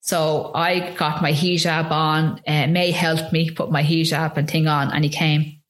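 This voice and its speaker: Low-voiced woman recounting an ordeal. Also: little pitch movement, echoey room. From Ireland. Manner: earnest and halting, with frequent restarts and re-enacted dialogue. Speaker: interview guest. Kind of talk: recounting a personal ordeal in an interview.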